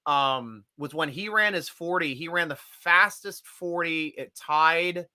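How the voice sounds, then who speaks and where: A middle-aged man hosting a casual live-stream chat, animated and chatty and quick to laugh. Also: on the high side, dry recording, studio quality. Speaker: host.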